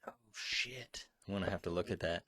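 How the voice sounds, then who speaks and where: Low-voiced man, rambling and excitable. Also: moderate pace, breathy edge, no room sound. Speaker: co-host. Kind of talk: casual chat.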